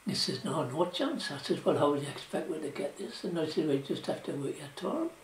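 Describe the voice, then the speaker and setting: Recorded from a distance, off-mic in an echoey room with slight background noise, a former shipwright from South Shields recalls his working life for an oral history. The older man's Geordie speech is casual and rambling, peppered with "you know" and "like," his voice a little high, sing-song, and a little fast.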